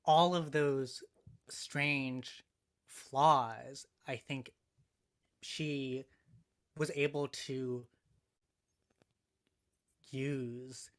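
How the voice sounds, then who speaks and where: A man's voice: medium pitch, fairly even intonation, drawn-out words, pauses often. A man in casual podcast talk as a guest writer, thoughtful and hesitant, with many fillers.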